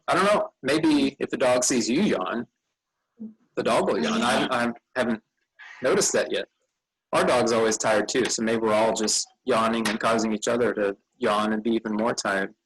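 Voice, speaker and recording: A man's voice: medium pitch, a bit bright, a little hiss or hum, low-quality recording. A tired man leading a vacation Bible school session, chatting casually with children and rambling a bit as he loses his train of thought. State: tired, yawning.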